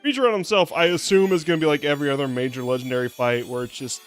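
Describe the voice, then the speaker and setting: A hoarse young man chatting casually while streaming a video game, rambling, joking at himself and laughing often. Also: on the high side, fast, soft background music. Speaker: VTuber streamer. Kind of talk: casual gameplay stream chat.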